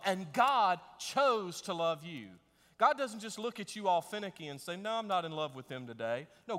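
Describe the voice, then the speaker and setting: A male pastor delivers an impassioned sermon, swinging from hushed asides to loud, emphatic bursts. His voice sits fairly high for a man and rings through a large church with a long reverb. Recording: echoing church hall.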